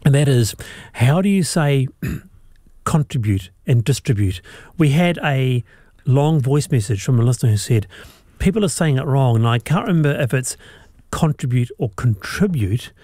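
A New man hosting live talk radio in a studio, chatty and quick to laugh. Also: mid-range voice, animated, warm tone, no echo. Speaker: radio host.

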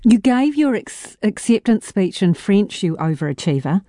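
A woman's voice: mid-range voice, sing-song, moderate pace, dark tone, no echo, studio quality. A woman hosting a radio interview, teasing and upbeat. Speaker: radio host. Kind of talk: casual interview.

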